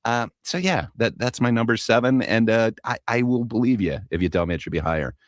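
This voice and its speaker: A man leads a casual panel chat at a mid pitch, stumbling over fillers and restarts while gushing about his picks. His voice sounds dry and close, with almost no room around it. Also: animated, fairly quick, no echo. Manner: hesitant, many fillers and restarts; enthusiastic, swears casually.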